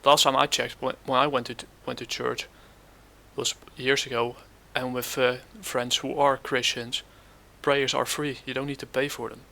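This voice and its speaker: A man hosting a commentary channel, reacting scornfully to a clip, halting often with fillers. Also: mid-range voice, level tone, creaky, pushed and bright.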